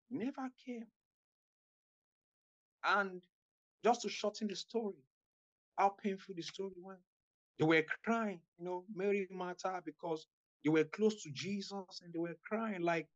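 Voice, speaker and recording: A woman evangelist preaches with fervent, repeating appeals to her listeners. Her voice sits at a middling pitch. The recording sounds dull and lo-fi. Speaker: guest evangelist.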